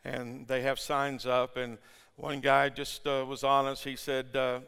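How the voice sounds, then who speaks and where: A man's voice: medium pitch, flat delivery, unhurried, gravelly, a bit bright, smooth. An older man preaching a sermon to a congregation, impassioned, with stammering restarts and rhetorical questions. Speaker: pastor. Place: church sanctuary. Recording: long church-hall reverb.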